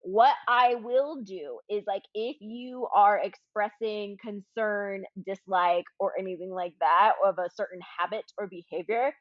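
A woman's voice: medium pitch, measured pace, few pauses, no echo, muffled recording. A woman co-hosting a podcast in casual chat, emphatic and blunt, swearing and laughing often. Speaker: podcast co-host.

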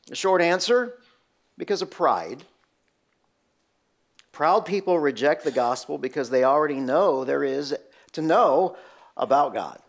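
A man's voice: fairly high pitch, animated, measured pace, vocal fry, long pauses. A man preaching a sermon, telling stories and asking the congregation rhetorical questions. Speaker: pastor.

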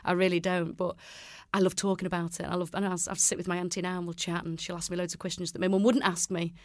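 A woman's voice: fairly low pitch, flat delivery, fast, dry recording, studio quality. A Mancunian woman in her forties, a children's entertainer, chatting in an interview, laughing often and acting out the voices of people she quotes. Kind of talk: casual interview chat.

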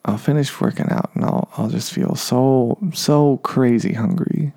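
A man's voice: mid-range voice, unhurried, creaky, dark tone. A man in his thirties talking to his podcast listeners in a casual, meandering monologue full of fillers and self-deprecating asides. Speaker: podcast host.

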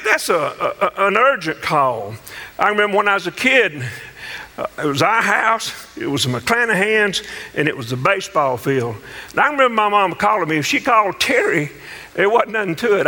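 Preacher guy, high sharp voice, folksy storytelling that turns into hard preaching, church hall echo. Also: sing-song, moderate pace. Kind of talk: sermon.

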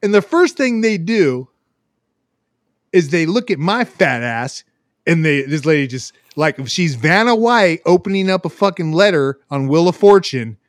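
Speaking a little slowly in a fairly high pitch, this man recounts a story during a casual podcast, recorded cleanly in a studio without echo. His delivery is animated and full of swearing, and he voices the characters himself.

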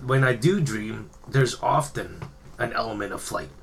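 A man in casual chat, recounting dreams in a halting, searching way with many restarts. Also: medium pitch, lively intonation, fairly bright tone.

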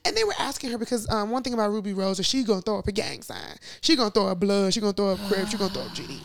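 A woman's voice: mid-range voice, expressive, no room sound, clean studio sound. A woman co-hosting a podcast, gossiping in a chatty, playful way. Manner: chatty and gossipy, quick to laugh. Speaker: podcast co-host. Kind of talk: casual chat.

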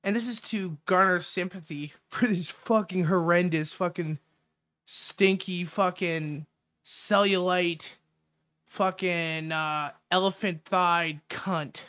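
Hosting his own podcast, this Canadian man delivers a casual solo rant that's crude, sarcastic and meandering, spoken into a windscreened studio mic. He has a high, fairly bright voice with fairly even intonation and a slow delivery. The recording is dry.

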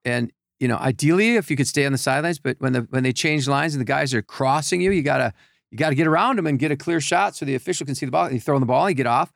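An older man with a gravelly voice, telling rambling anecdotes as a podcast guest in casual chat. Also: medium pitch, very fast, no room sound, clean studio sound. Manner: rambling anecdotes with repeated restarts. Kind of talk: casual storytelling.

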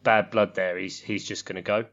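A man's voice: on the low side, level tone, moderate pace, fairly bright tone. A man hosting a casual, jokey chat and leading the questions. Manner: jokey, puts on voices. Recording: slightly dull lo-fi sound.

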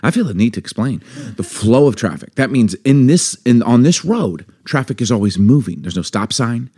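A man co-hosting a podcast in casual chat, an animated storyteller who acts out his own reactions, on a studio mic. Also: medium pitch, normal speed, breathy edge. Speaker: podcast co-host.

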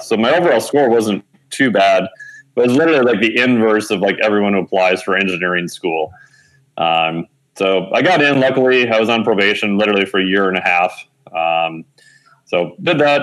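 A man's voice: brisk, rough recording. A man in his forties telling a long personal story as an interview guest, talking conversationally with plenty of fillers and acting out the lines of people he quotes. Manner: animated storyteller who acts out quoted dialogue with lively pitch jumps; conversational, with frequent fillers and self-corrections.

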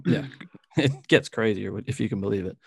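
A man's voice: on the low side, normal speed, gravelly, husky, no room sound. Rambling young guy telling a story. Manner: rambling, fills speech with "like", laughs often. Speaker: podcast co-host telling a story. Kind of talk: casual storytelling chat.

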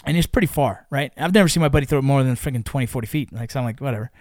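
A man telling a long story in casual chat, animated and full of swearing. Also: medium pitch, racing, no echo, studio quality.

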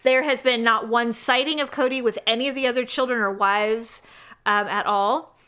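A woman's voice: on the high side, fairly even intonation, normal speed, bright, forceful tone, clean tone. A woman co-hosting a casual chat, telling stories and acting out the lines of the people in them. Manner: storytelling, acts out quotes with a shifting voice; candid, gossipy. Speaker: podcast co-host.

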